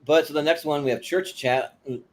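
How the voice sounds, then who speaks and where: A man's voice: fairly high pitch, steady tone, fairly quick. A man co-hosting a podcast, casually recapping comedy sketches in a rambling way with many restarts. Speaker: podcast co-host.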